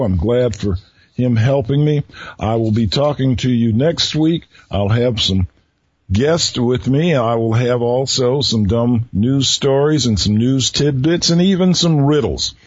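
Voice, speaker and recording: In a radio studio, a male talk-show host with a medium-pitched voice tells riddles to listeners slowly, repeating each and pausing before the answer. He's folksy and chuckles at his own jokes, heard through a dry, dull lo-fi radio recording.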